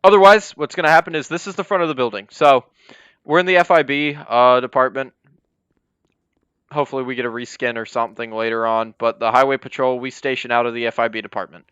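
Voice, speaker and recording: A man's voice: medium pitch, steady tone, quick pace, fairly bright tone, smooth, no room sound. A young man casually walking viewers through a roleplay game server, rambling with lots of fillers and apologies. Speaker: roleplay server police department leader. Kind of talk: casual gameplay walkthrough. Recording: dry, slightly dull lo-fi mic.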